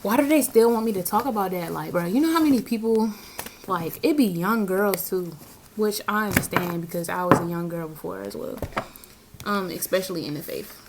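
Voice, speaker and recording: A young tarot reader talks casually and bluntly in a spiritual vlog, using slang and laughing often between points. Her voice is lowish and brisk, set against a noisy background.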